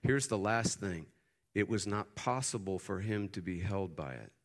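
A male pastor preaching a sermon, building to loud emphatic peaks and then dropping into quiet, easy storytelling. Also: low-pitched, moderate pace.

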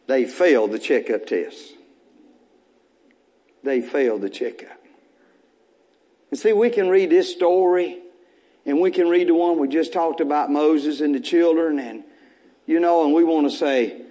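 A man's voice: fairly high pitch, expressive, unhurried, long pauses, warm tone. A man. He drives his points home by repeating phrases and climbing into emphatic bursts. The delivery is the full, rhythmic cadence of a pastor speaking to his congregation. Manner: preaching with rising emphatic bursts and repetition. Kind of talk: sermon.

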